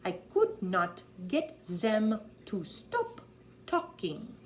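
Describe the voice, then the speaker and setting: A woman putting on a mock German accent to voice a dismissive male psychiatrist, speaking slowly, loudly and in clipped bursts. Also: medium pitch, huge pitch swings, slight background noise, full character voice. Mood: exasperated. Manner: slow, loud, clipped and offhand.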